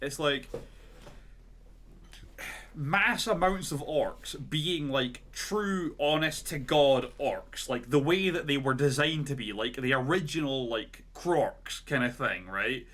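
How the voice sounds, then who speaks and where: A man's voice: mid-range voice, takes it slowly, a bit bright. A man co-hosting a podcast, retelling a story in a casual, rambling way with lots of "like" and "right?". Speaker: podcast co-host.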